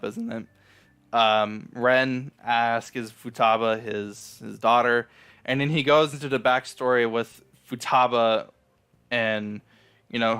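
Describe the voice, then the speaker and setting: An anime reviewer casually recaps an episode in a smooth, medium-pitched, slightly bright voice. Feeling down and apologetic, he rambles and swears, full of fillers and restarts.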